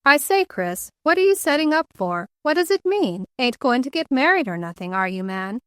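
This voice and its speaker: A woman's voice: high voice, sing-song, normal speed, dry recording, clean studio sound. A woman reading the lines of a jovial young man who teases his friend in a bantering tone, in an audiobook. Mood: teasing. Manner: bantering sing-song greeting.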